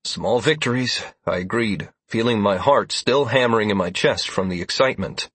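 A man reads a first-person fantasy novel aloud in a measured, even way. His voice sits low and husky. The sound is dry and close. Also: no echo. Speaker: audiobook narrator.

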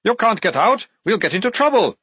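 A rule-bound male corporal, played by a man narrating, fussy and anxious. The voice lifts above the narrator's and stays husky in a dry recording. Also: high voice, very animated, brisk, bright, forceful tone, no room sound, pitched above the performer's own voice, full character voice. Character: nervous male corporal on guard duty.

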